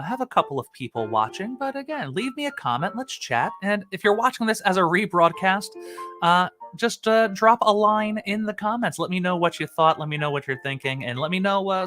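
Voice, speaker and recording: A man hosting his own live stream, chatting casually with many "uh" fillers. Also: fairly high pitch. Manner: chatty, frequent "uh" fillers, relaxed.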